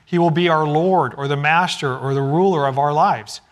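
A man's voice: fairly high pitch, normal speed. A middle-aged man preaching a sermon, telling a story and acting out the dialogue. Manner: storytelling, acts out quoted dialogue. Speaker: pastor.

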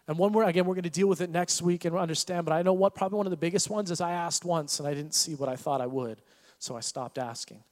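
A man preaching a sermon as pastor, animated and acting out the voices of Bible figures. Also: on the high side, long reverb tail.

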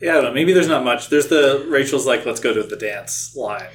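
A woman's voice: a bass voice, expressive, brisk. A woman co-hosting a casual book podcast, thinking aloud hesitantly. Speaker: podcast co-host.

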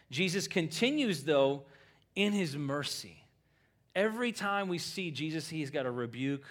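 A middle-aged pastor with a mid-range voice preaches a sermon, shifting from quiet conversational asides to loud, emphatic peaks. He often acts out quoted lines in everyday voices.

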